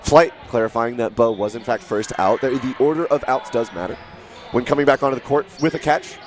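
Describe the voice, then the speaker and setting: A man giving live play-by-play commentary, rising to shouts at big plays. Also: medium pitch, steady tone, fairly quick. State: out of breath.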